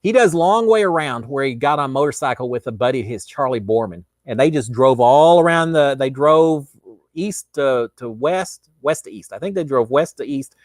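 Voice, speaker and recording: A man's voice: medium pitch, animated, normal speed, dry recording, clean studio sound. A middle-aged man with a Texan accent, hosting a casual live chat and answering viewer questions in a rambling way. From Texas. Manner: rambling, many restarts and fillers. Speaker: host.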